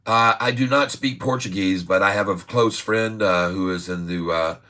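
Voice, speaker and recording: A middle-aged man hosts a day-trading livestream in a low voice with a sharp tone, moving at a moderate pace. His casual chat is jokey and talkative, full of laughter and repeated phrases.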